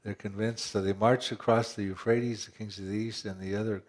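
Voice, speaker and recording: A man's voice: fairly low pitch, level tone, fairly quick. A man pastor preaching a conversational sermon, asking rhetorical questions and often restarting his phrases.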